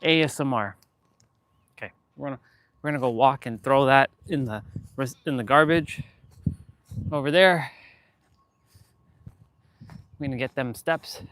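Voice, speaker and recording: A man's voice: mid-range voice, measured pace, pauses often, a bit bright, no room sound. A man chatting casually in a summer park during his fitness vlog, laughing and shooing bugs away. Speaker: fitness vlogger. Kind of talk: casual outdoor vlog chat.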